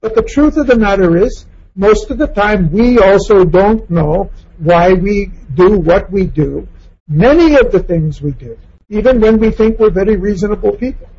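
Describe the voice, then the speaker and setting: A man's voice: high-pitched, expressive, moderate pace, creaky, a little mellow, slightly rough, highs cut off. A man giving a reflective lecture on a novel, asking questions and acting out quoted lines in passing.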